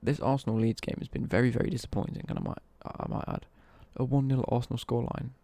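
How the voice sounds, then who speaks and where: A man's voice: mid-range voice, level tone, quick pace, mellow, no echo. A man live-streaming a football game and chatting cheekily with viewers, reading their messages out and joking back. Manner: cheeky, jokey banter, reads out chat messages.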